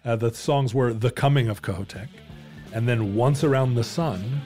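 A man talks in a relaxed, casual way, laughing easily as he chats. His voice sits in a middle pitch, and he leans on fillers while he thinks aloud. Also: normal speed, soft background music. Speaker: musician and co-host. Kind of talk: casual comedic chat.

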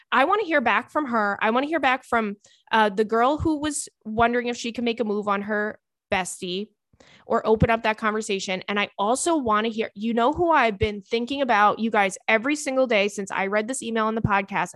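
A young woman hosting a podcast, reading listener emails and chatting in a gossipy, animated way, full of "girl" and "like". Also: on the high side, no room sound. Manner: gossipy, animated, swearing, says "girl" and "like" often. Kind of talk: casual chat.

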